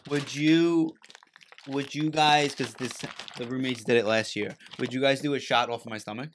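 A man's voice: medium pitch, fairly even intonation, moderate pace. Young man, playful and jokey, casual chat, faint hiss behind. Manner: joking, playful.

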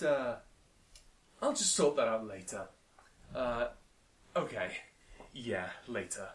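A man's voice: medium pitch, lively intonation, extremely slow, long pauses, recorded from a distance. A man, a flustered librarian host rambling and fretting to himself. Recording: echoey room, off-mic.

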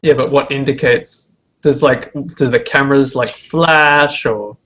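A man's voice: mid-range voice, fairly even intonation, unhurried, fairly bright tone, poor audio. A man playing a tabletop game, describing his character's actions and asking questions in casual chat. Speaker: player.

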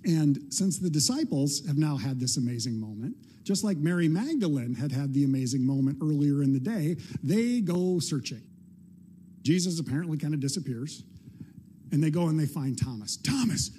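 A man preaching a relaxed, chatty sermon that turns playful when he acts out the people in the story. His voice sits a little high for a man, with a mellow, warm tone and a husky edge. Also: normal speed. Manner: conversational, playful, acts out quotes. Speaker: pastor.

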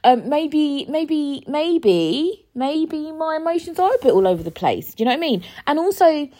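A young woman in her twenties, talking alone in a rambling, emotional way, often swearing and sometimes rising close to a shout. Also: high-pitched, very animated, unhurried. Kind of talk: casual solo monologue.

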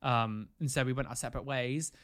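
Fast-talking animated young man. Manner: animated, acts out quotes with big pitch jumps. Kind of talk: casual chat, storytelling.

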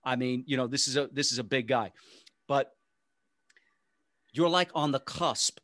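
A man's voice: mid-range voice, unhurried, a bit bright, no echo, clean studio sound. A man hosting an interview, rambling and restarting his sentences as he sets up his question to the guest. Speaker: podcast host. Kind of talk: casual interview chat.

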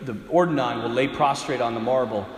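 A man in his forties, a Catholic priest, telling a story in a sermon in an animated, self-deprecating way. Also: medium pitch, a little fast. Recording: echoey hall reverb.

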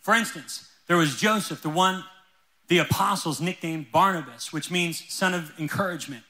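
A male pastor preaching a sermon in a church, telling stories with lively energy. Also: fairly high pitch, normal speed, low-quality recording. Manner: energetic, animated storytelling.

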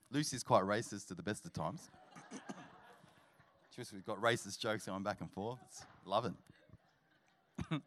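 A man preaching as a guest pastor at a church service, telling a humorous story before building to energetic exhortation. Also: on the low side, takes it slowly, long pauses. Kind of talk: sermon.

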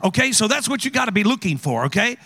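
A high, bright-voiced man preaches as a guest speaker. His voice leaps up and down as he teases and calls out to the congregation in a church auditorium. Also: quick pace, slightly rough, long reverb tail. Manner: animated, teasing, calls out to the audience. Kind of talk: playful sermon with audience interaction.

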